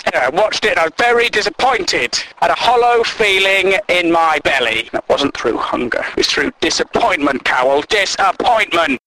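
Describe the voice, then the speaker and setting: A man's voice: high-pitched, expressive, normal speed, few pauses, bright, forceful tone, low-quality recording. A man hosting a comedy show, ranting sarcastically and swearing a lot. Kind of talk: stand-up rant.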